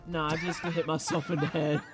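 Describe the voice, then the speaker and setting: A livestreamer casually commenting on a game, swearing and joking, swinging between low mutters and loud outbursts. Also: a little fast, over music. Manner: animated, swears a lot, jokes and laughs. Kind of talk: casual gaming stream commentary.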